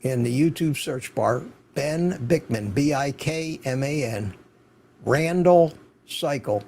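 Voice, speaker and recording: A man's voice: mid-range voice, lively intonation, slow, gravelly, darkish tone, a little hiss or hum. Chatty older man hosting a livestream. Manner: chatty, greets viewers by name; repeats words when stressing a point. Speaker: host. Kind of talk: casual livestream chat.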